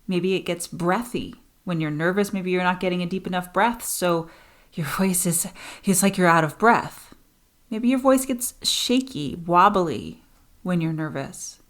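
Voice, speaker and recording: A woman's voice: on the low side, unhurried. A woman voice coach hosting a teaching podcast, talking straight to her listeners and changing her pace for emphasis. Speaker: voice and speaking coach.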